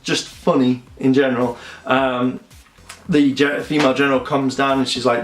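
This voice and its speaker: Over soft background music, a man reviews a TV episode in a steady, fairly bright, medium-pitched voice, going a little fast. He rambles casually with many fillers and acts out characters' quotes in voices, recorded with roomy echo.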